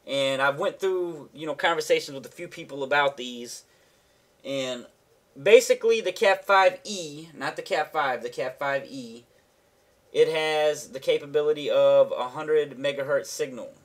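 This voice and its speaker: Casual rambling male gaming vlogger. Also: medium pitch. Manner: rambling, loose and conversational with restarts; slangy, offhand. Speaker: gaming channel host. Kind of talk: casual tech vlog explanation.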